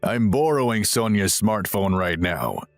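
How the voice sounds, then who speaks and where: A man's voice: fairly low pitch, lively intonation, unhurried, no echo, faint music behind. A man voicing a stern, disapproving older father who rebukes firmly in a dramatized text-message story.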